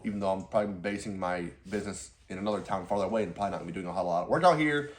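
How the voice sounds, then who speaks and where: A man's voice: fairly low pitch, sing-song, rapid-fire. A young man who runs a lawn care business, casually telling a story, rambling, laughing often and swearing now and then.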